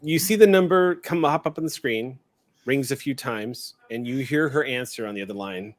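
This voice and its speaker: A man running a tabletop game as game master, narrating scenes in a relaxed, halting way with frequent restarts. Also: mid-range voice, no echo.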